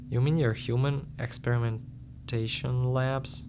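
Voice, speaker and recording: A man's voice: mid-range voice, fairly even intonation, measured pace, a little mellow, slight background noise. A man streaming a visual novel, reading its dialogue aloud in his own voice with small stumbles and reacting live. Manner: reads both the heroine and the villain's lines in his own voice, with small stumbles. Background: game music.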